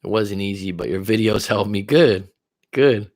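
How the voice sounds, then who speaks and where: A man's creaky, darkish voice, on the low side and at a moderate pace, carries this livestream. He's a life coach chatting casually and swearing freely as he responds to viewer comments. Clean studio sound, no echo.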